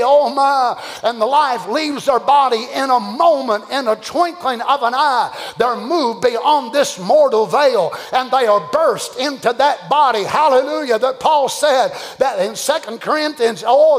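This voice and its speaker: A man preaching a sermon as pastor, impassioned and building to shouts. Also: very high voice, measured pace, few pauses. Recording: long church hall reverb.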